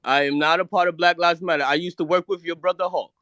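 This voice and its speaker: A man's voice: a little high, fairly even intonation, fast talker, bright, forceful tone, dry recording. A man from New York calling in to a live debate, who defends himself, stammers and fires back questions. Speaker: caller. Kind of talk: heated argument.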